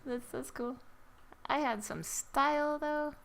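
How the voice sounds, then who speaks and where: A woman with a bright, fairly high voice talks through a game session, taking her time between words. She giggles a lot and mutters flustered, self-mocking asides to herself. A faint hiss sits under her voice. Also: slow, vocal fry. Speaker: gamer playing and commenting. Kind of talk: casual let's-play commentary.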